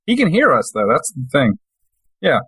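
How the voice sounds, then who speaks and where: A man's voice: mid-range voice, huge pitch swings, moderate pace, fairly bright tone, breathy edge, no echo. A man playing a tabletop game over a video call, teasing the others and swearing often. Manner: teasing, laughing, lots of swearing. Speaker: player.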